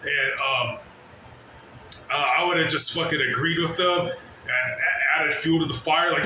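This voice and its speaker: A man's voice: on the high side, unhurried. A man ranting in a brash, constantly swearing way in a reaction video, drifting off on tangents. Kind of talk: profane rambling reaction rant. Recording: very echoey room, slight noise.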